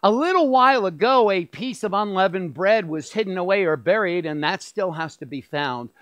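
A man leading a Passover meal as a rabbi, teaching and chatting lively with the tables. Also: sits high, moderate pace, no echo. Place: church fellowship hall.

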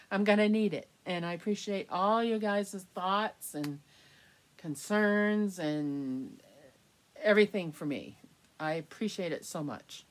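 A middle-aged woman vlogging candidly to the camera, rambling and laughing softly as she talks. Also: fairly low pitch, takes it slowly. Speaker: reborn doll collector vlogger. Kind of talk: casual chat to camera.

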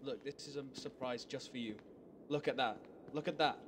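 A young man putting on a quiet, coaxing voice to lure other players in a game. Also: medium pitch, moderate pace, noisy background, voice pushed down, close to an everyday voice.

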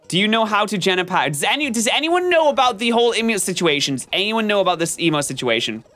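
A man streaming gameplay commentary, chatting with his viewers in an animated, self-mocking and melodramatic way. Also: on the high side. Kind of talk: live-stream gameplay commentary, reading chat.

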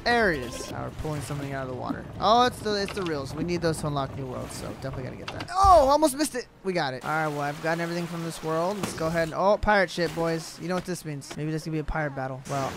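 A young man giving slangy, excitable, trash-talking commentary while playing a video game. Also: a little high. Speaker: gaming YouTuber. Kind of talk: gameplay commentary. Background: game music.

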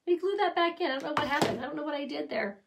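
Woman, high voice, chatty, gushing, craft tutorial host, middle-aged. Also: rapid-fire, creaky, background noise.

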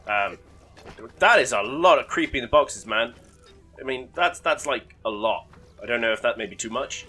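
A man's voice: mid-range voice, expressive, moderate pace, pushed and bright, faint music behind. A man giving casual, sweary, rambling commentary while playing a video game, often mocking himself. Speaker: gaming YouTuber.

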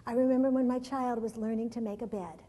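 A middle-aged woman giving a conference presentation for teachers, lively, with frequent laughs and repeated words. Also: a little high, fast. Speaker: education conference speaker. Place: large conference hall. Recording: long hall reverb.

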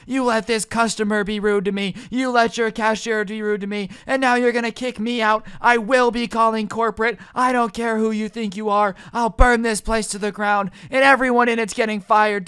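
A young man voicing a furious, entitled middle-aged mother shopper who shrieks slow, emphatic threats. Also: extremely high pitch, little pitch movement, pushed and bright, dry recording, studio quality, voice pushed up, heavily acted. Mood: furious shrieking.

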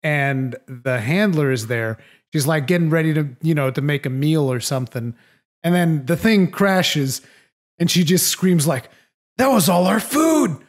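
A man's voice: on the high side, normal speed. A man hosting a podcast, chatting casually and animatedly, often laughing and acting out lines. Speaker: podcast host.

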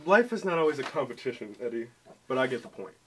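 Guy, punny co-host, bright, lively intonation. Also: mid-range voice, fast talker, a little hiss or hum, rough recording. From Wisconsin. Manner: playful, punning, giggly. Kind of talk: casual chat.

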